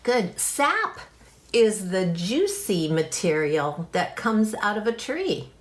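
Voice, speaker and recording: A woman teaching a kindergarten phonics lesson, speaking clearly and encouragingly and drawing out the sounds. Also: medium pitch, lively intonation, takes it slowly, darkish tone. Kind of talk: phonics lesson for young children.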